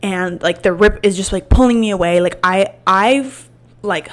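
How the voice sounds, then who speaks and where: A woman's voice: mid-range voice, moderate pace. A woman in her twenties hosting a podcast, telling a personal story in a casual, candid way, full of "like" and swearing. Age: 20s. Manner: rambling, filler-heavy with frequent "like" and swearing; emotional and candid. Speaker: podcast host.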